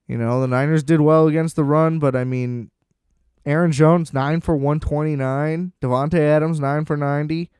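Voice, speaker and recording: Man, podcast host, profane sports rant, sarcastic, smooth tone, dry close sound. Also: fairly high pitch, fairly even intonation, moderate pace, darkish tone, no echo. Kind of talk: ranting sports commentary.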